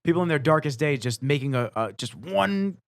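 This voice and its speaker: A man hosting a podcast, telling stories casually in a fast, animated way and swearing freely. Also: a little high, creaky, no echo. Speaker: podcast host. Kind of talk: casual storytelling.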